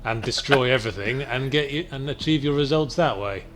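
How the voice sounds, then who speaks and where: A man's voice: medium pitch, a little fast, a bit bright, slight background noise. A man with a British accent giving dry, sardonic commentary while he plays a video game. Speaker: streamer playing the game. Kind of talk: casual let's-play commentary. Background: game music.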